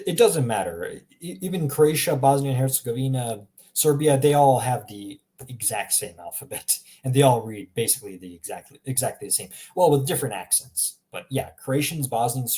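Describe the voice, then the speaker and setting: Lively, chatty man teaching pronunciation. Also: medium pitch. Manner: chatty, self-aware explaining with little laughs; demonstrates sounds slowly and repeats them. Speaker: language teacher. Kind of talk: casual spoken lesson.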